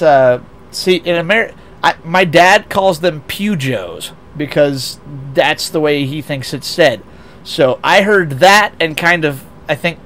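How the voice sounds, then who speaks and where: A young American VTuber streamer plays a racing game and chats casually, reading chat out loud with lots of rambling, restarts, and jokes at his own expense. His voice is a little high with a fairly bright tone, and there's slight background noise.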